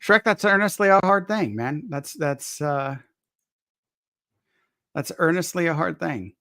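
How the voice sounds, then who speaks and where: A man's voice: fairly high pitch, measured pace, pushed and bright, no echo, studio quality. A man hosting a casual live chat, polite and hesitant, restarting his sentences often. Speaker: host.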